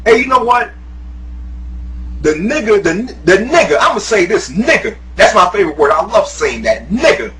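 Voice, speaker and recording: A man talks straight to the camera in a heated, profanity-heavy rant. His voice sits a little high and swings wildly in pitch, and his mocking tone keeps breaking into laughter. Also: sing-song, normal speed, a bit bright, low-quality recording. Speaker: YouTuber, guest. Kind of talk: profane ranting monologue.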